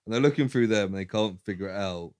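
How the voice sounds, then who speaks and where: A man's voice: lowish voice, fast talker, a little mellow, smooth, dry recording, clean studio sound. A man co-hosting a podcast, recapping a film's plot in casual chat and acting out lines in mocking voices. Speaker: podcast co-host.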